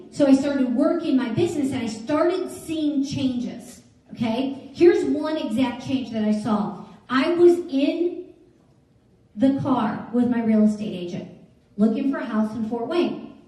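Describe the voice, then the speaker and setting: A woman's voice: high-pitched, dark tone. A middle-aged woman giving a chatty motivational talk to an audience, telling stories and asking the room questions. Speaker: jewelry stylist giving a talk. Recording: echoey hall, speaker far from mic.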